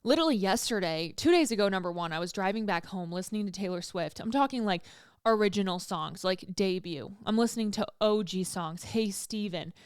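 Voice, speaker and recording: Smooth-voiced woman chatting candidly on a podcast. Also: mid-range voice, lively intonation, a little fast, no echo, clean studio sound. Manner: candid, chatty, swears freely, laughs at herself. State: pregnant, hormonal and emotional. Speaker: podcast host. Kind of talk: casual solo podcast chat.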